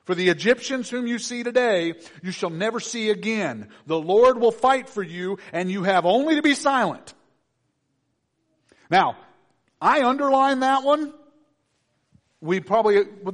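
A man preaching a sermon in an animated way, acting out the complaining voices of the people in the story. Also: high voice, moderate pace.

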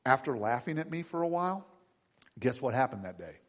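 A husky-voiced male pastor in his fifties preaching in a storytelling way. His pitch leaps around constantly, and he moves from loud bursts to hushed asides. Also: sing-song, fairly quick. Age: 50s. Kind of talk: sermon.

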